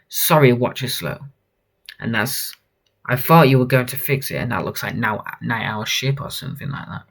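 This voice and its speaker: Dude reading a comic out loud, casual asides, swears a bit, mid voice. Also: male voice, mid-range voice, measured pace, vocal fry, long pauses. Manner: chatty, reacting aloud with asides and swearing. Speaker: comic reader. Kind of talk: casual comic read-through with commentary.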